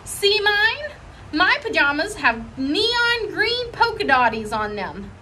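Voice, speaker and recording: A woman voicing an excited little girl who shows off in a high, eager voice. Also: takes it slowly, a little hiss or hum, full character voice. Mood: showing off.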